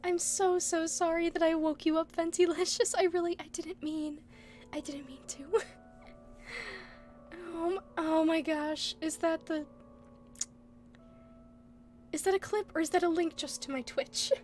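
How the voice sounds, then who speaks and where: Very high-voiced giggly woman streamer. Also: fairly even intonation, unhurried, long pauses, darkish tone. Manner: giggly, laughs often. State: hiccuping. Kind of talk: casual chat.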